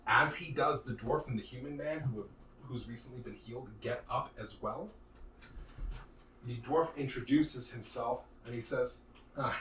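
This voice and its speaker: A man narrating a tabletop game as game master, in a lively, casual way with lots of filler words. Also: mid-range voice, moderate pace. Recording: roomy, distant mic, faint noise.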